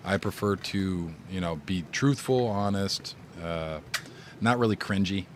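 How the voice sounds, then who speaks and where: A man's voice: deep voice, unhurried, a little hiss or hum. A man who streams games, giving casual advice in a rambling, laid-back way and often repeating his words. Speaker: gaming streamer.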